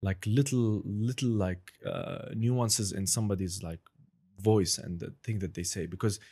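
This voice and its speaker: Rambling young man with a low voice. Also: a little slow, gravelly, warm tone, husky. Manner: rambling, many fillers and restarts, slips into playful impressions. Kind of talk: casual chat.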